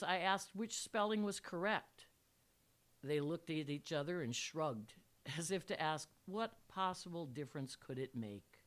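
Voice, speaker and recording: An older woman, a retired teacher, reading a personal story aloud with dry, wry humor. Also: fairly low pitch. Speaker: retired teacher telling a memoir.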